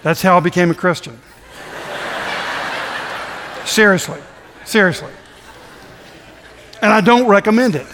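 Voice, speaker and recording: A man's voice: high voice, a little slow, long pauses, long reverb tail, noisy background. A man from the States, preaching a sermon and acting out the dialogue as he tells personal stories. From Southern United States. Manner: animated storyteller who acts out dialogue.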